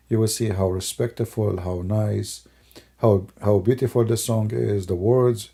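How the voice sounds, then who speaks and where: A man whose first language is Arabic, hoarse from losing his voice, musing and rambling in broken English on a livestream. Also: on the low side, moderate pace, mellow. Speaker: livestream host. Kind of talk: casual livestream talk.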